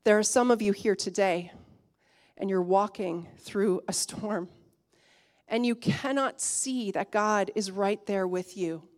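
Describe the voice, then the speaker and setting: A woman pastor preaching a sermon, swinging from hushed, intimate lines to emphatic, rising ones. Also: medium pitch, unhurried.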